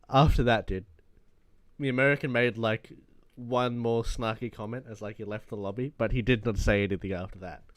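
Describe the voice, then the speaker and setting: Rambling, swearing young Australian gamer. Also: male voice, mid-range voice, steady tone, brisk. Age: around 20. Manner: rambling, profane, laughing storyteller. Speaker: gaming YouTuber. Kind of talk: casual opinion vlog.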